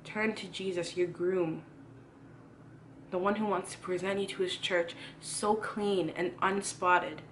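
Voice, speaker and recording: A woman's voice: fairly low pitch, fairly even intonation, a little slow, a little hiss or hum. A young woman giving a casual sermon, earnest and preachy, repeating phrases for emphasis. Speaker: youth Christian vlogger preaching.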